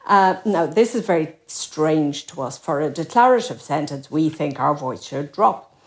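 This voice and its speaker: A middle-aged Irish woman, a professor guest, explaining things quickly with plenty of examples. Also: deep voice, lively intonation. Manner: quick, expository, uses examples. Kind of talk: explanatory interview talk.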